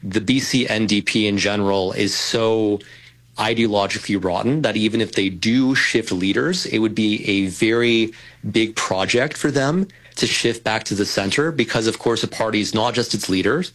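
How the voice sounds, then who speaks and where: Man, radio guest commentator, lowish voice, measured and deliberate. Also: a bit bright, rough recording. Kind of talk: analytical radio interview.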